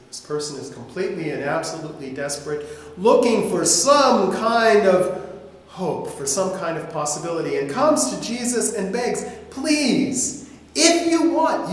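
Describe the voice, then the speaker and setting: A man preaching a sermon as pastor, telling the story with animation and slipping into voices, recorded in a church with heavy echo. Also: fairly high pitch. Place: church sanctuary. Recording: echoey hall reverb.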